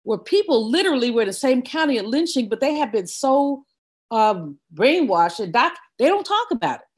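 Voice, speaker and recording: An older woman, a guest in an interview, telling a personal story in a vivid, animated way. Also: on the high side, moderate pace, breathy edge. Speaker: guest economist.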